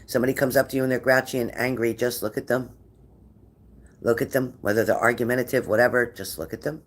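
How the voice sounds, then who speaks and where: A man's voice: mid-range voice, fairly even intonation, fast talker. A man giving a tarot reading to viewers, talking in an encouraging way and often repeating his phrases. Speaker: tarot reader.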